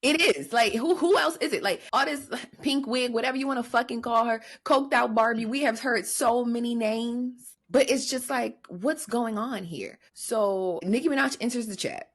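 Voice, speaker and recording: A woman's voice: a little high, normal speed, few pauses. A woman co-hosting a podcast in casual gossip chat, blunt and profane, hammering points with repetition. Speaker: podcast co-host.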